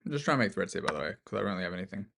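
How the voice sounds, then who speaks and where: A man's voice: low voice, big pitch swings, racing, creaky, bright, forceful tone. A man with an Australian accent streaming chess, mumbling his thoughts and chatting to viewers between moves in a self-deprecating way. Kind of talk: casual live-stream commentary while playing chess.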